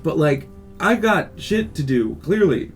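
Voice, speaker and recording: Rambling, animated man on a podcast. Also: fairly high pitch, a little slow, soft background music. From California. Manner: rambling, animated rants with profanity. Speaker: podcast host. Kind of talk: casual podcast chat.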